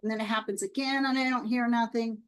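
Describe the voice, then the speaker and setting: Chatty high-voiced woman sharing faith stories. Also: fast talker, clean tone, rough recording. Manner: chatty storyteller, lively and warm with viewers. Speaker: Christian author and video host. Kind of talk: casual faith talk to viewers.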